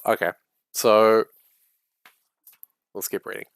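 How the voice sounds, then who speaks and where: A man plays through a narrative game, reading its text aloud and chewing over it with casual profanity. His voice is low with a gravelly edge, and the recording is dry and close. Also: flat delivery, slow pace, a bit bright, dry recording. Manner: swearing, musing aloud while reading. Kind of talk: casual playthrough commentary.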